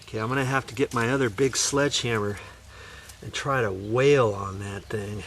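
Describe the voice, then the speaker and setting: A man's voice: medium pitch, moderate pace, background noise. A man hosting a do-it-yourself video, talking casually and puffing out of breath while he hammers a post outdoors. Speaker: DIY video host. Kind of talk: casual narration while working. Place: outdoors in a yard.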